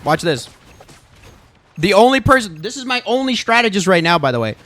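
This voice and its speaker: A man's voice: high-pitched, big pitch swings, fairly quick, fairly bright tone, no room sound. A young man reviewing his own gameplay footage, insistent and emphatic, repeating himself and swearing freely. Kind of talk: gameplay video review commentary.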